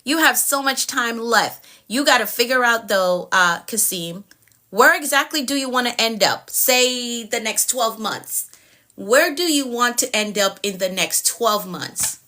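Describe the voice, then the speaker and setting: A woman's voice: a little high, lively intonation, a little slow, pushed and bright. A woman coach talking on a live stream, encouraging, asking repeated questions and greeting viewers by name. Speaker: productivity coach. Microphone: phone or webcam on a live stream.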